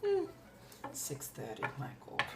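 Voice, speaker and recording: A woman's voice: very deep voice, wildly swooping pitch, creaky, background noise. Languid woman chatting to viewers. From Southern California. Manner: theatrical, drawn-out phrasing, calls viewers darlings. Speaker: streamer reading tarot. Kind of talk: casual live-stream chat. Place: home.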